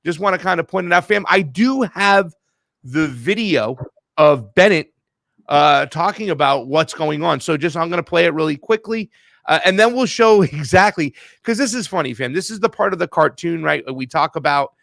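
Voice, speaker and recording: A man's voice: fairly high pitch, lively intonation, moderate pace, vocal fry, a bit bright, dry recording. A man hosting casual political commentary, slangy and mocking, often laughing and calling his viewers fam. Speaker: host.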